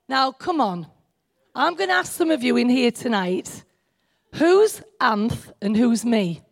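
This church-meeting speaker has a fairly high, gravelly voice that is very animated but slow. Her sermon is conversational and playful, full of self-deprecating humor and direct remarks to the people listening.

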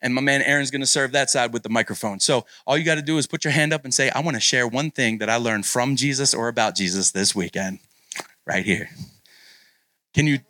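Bright-voiced energetic pastor man. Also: medium pitch, a little fast, dry recording. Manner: energetic, encouraging hype man. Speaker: guest pastor at a youth retreat. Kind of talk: sermon and leading audience sharing. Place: large meeting room with students. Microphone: handheld microphone.

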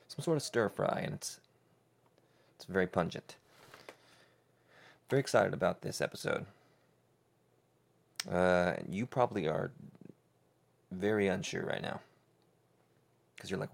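A man with a very low voice hosts a podcast on his own. He rambles loosely and jokily, breaking off into restarts and fillers. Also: fairly even intonation, a little slow, vocal fry, long pauses. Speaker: podcast host. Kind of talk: casual solo podcast chat.

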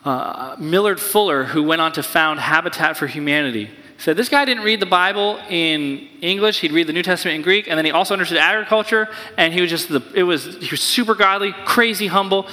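A man preaching a sermon as pastor, energetic and playful, sometimes acting out excited voices. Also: fairly high pitch, fairly quick, few pauses, big-room sound.

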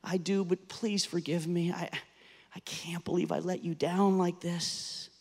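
A man voicing the apostle Peter as an ashamed grown man, answering in a halting voice that sinks toward a whisper. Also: sits high, little pitch movement, voice pushed up. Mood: hesitant. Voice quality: hesitant, halting, drops to a whisper. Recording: long hall reverb.

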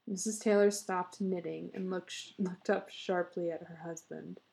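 A woman narrates a short story aloud in a steady, measured way. Her voice is mellow and warm, with a gravelly edge at the bottom of it. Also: on the low side. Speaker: story reader.

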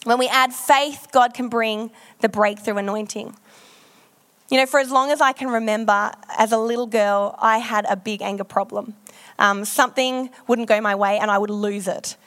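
A woman's voice: on the high side, fairly even intonation, normal speed, a bit bright. A woman pastor preaching a sermon, telling frank, self-deprecating stories in a loose, conversational way with plenty of ums and likes.

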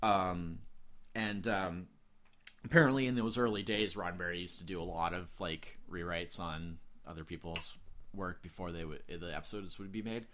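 Bright-voiced male podcast co-host. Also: low voice, fairly even intonation, normal speed, a little hiss or hum. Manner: informative, many fillers like um. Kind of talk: casual chat.

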